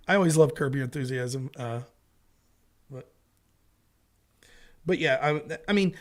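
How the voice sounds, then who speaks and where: He's a profane, rambling storyteller in his thirties who hosts a casual commentary show. Speaking at medium pitch with a measured pace, he leaves long pauses.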